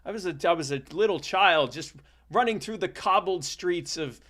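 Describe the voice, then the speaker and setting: A man hosting a comedy podcast, telling an improvised tall tale in a rambling, deadpan way with many restarts. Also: high voice, moderate pace. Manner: rambling, deadpan, self-correcting. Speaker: podcast host.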